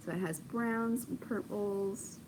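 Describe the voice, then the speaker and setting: A young woman who hosts a knitting podcast chats casually from her indoor home craft corner, bubbly and rambling with lots of ums and bursts of excitement as she gushes. Her mid-range voice moves slowly, and the track has a light hiss.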